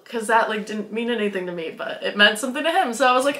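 A woman's voice: fairly high pitch, fast, hardly any pauses, sharp tone, roomy sound. A young woman from Wisconsin telling a story to her vlog, bubbly and giggly, full of "like" and acted-out quotes. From Wisconsin, USA. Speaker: vlogger. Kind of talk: casual storytelling.

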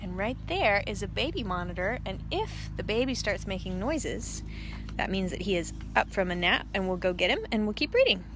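A woman priest reading a picture book aloud to children, animated and expressive, with playful sound effects. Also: mid-range voice, moderate pace, noisy background.

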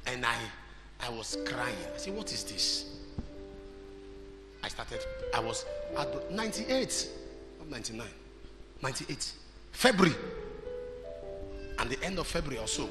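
A man preaching a sermon, telling stories that rise to shouted declarations. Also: mid-range voice, very animated, unhurried, pauses often, echoey room, long reverb tail, loud music behind the voice. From Nigeria. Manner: storytelling that builds to shouted declarations. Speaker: pastor. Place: large church hall.

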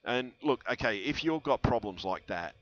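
A man's voice: mid-range voice, lively intonation, moderate pace, muffled recording. A man rambling through a vlog monologue, answering viewer comments in a conspiratorial way with lots of fillers and restarts, on a headset mic. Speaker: channel host.

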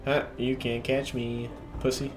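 A man's voice: mid-range voice, little pitch movement, measured pace. A man giving casual gameplay commentary, swearing in frustration and trash talking the game as he plays. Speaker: gamer playing a video game. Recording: game music under the voice. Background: game music and keyboard typing.

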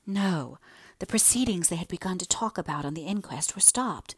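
A woman's voice: on the low side, lively intonation, moderate pace, husky, dry recording. A woman voicing an earnest, remorseful young woman in an audiobook, confessing in an emotional, pleading way. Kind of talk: audiobook character reading.

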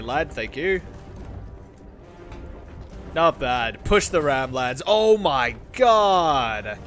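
A man giving excitable gameplay commentary, exclaiming often as the fight unfolds and rallying his troops. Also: mid-range voice. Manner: rallies his game troops with shouted battle cries. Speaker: gaming video host.

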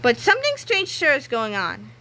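A woman's voice: fairly high pitch, wildly swooping pitch, moderate pace, sharp tone, slight background noise, heavily acted, poor audio. A woman voicing a clever schoolboy prankster who talks in an eager, explaining way.

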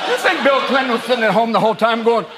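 A man doing a stand-up comedy set in a large theater, talking in an animated way and leaping into shouted impressions. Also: very high-pitched, quick pace. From United States. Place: large theater with a laughing audience. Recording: live show with loud crowd noise.

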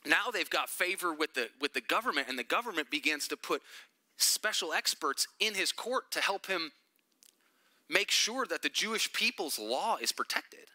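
A man preaching a sermon as a pastor, animated and emphatic, with joking asides to the congregation. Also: fairly high pitch.

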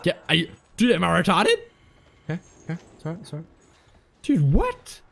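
A man commentating a horror game, jumpy and heavy on swearing, shouting back at the enemies on screen and pleading with his teammate. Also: a little high, fairly quick, creaky. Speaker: gaming commentator.

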